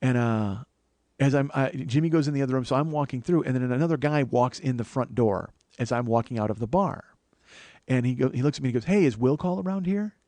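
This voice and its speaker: A man's voice: medium pitch, fast talker, no echo. A man in his forties, a comedian and podcast host, telling a profane, exasperated comic story in a casual monologue. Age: 40s. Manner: profane, exasperated, animated retelling.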